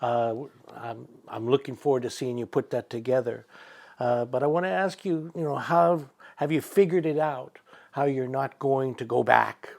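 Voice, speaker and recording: A man's voice: medium pitch, moderate pace, gravelly, darkish tone. A man hosting a podcast interview, supportive and hesitant with frequent restarts. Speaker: podcast host, counselor.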